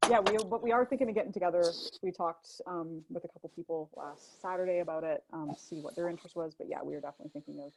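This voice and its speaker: A Canadian woman co-hosting a casual live-stream chat, relaxed and thinking out loud, swearing in jest. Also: lowish voice, fast talker, gravelly, few pauses, a little hiss or hum, rough recording. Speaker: podcast co-host.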